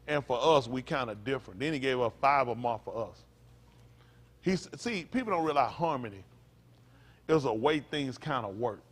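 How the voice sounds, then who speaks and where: A male pastor preaching a loose, conversational sermon, asking the congregation questions and spelling out words. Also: a little high. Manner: stops to spell out Hebrew words slowly.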